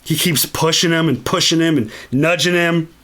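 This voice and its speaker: A man hosting a solo podcast, talking casually and excitedly, swearing a lot and acting out lines from movies. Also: on the high side, moderate pace. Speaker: podcast host.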